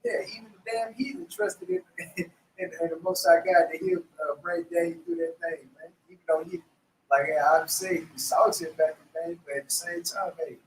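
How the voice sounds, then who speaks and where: Slangy, animated man breaking down scripture. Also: fairly high pitch, moderate pace, a little hiss or hum, low-quality recording. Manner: slangy, laughing, repeats "man" and "hey". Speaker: Bible class teacher. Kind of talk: casual preaching breakdown.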